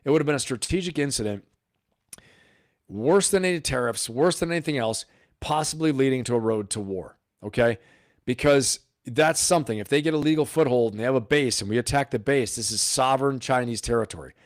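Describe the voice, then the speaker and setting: A man hosting a casual live stream, talking straight to his viewers, animated and full of rhetorical questions. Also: medium pitch, brisk, no echo, clean studio sound.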